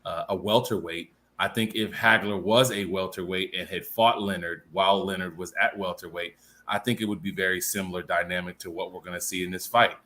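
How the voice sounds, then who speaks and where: Low, bright-toned man analyzing boxing. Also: steady tone, fairly quick. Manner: thoughtful, talks in long qualified runs with many fillers. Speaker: panel co-host. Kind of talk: casual live-stream boxing analysis.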